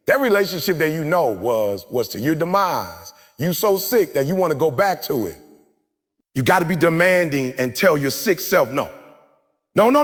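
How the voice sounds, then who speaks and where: A man giving a live motivational speech to a crowd in a large hall, preaching and leading the audience in call-and-response chants. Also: a little high. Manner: forceful, repetitive exhortation. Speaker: motivational speaker. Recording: long hall reverb with faint music.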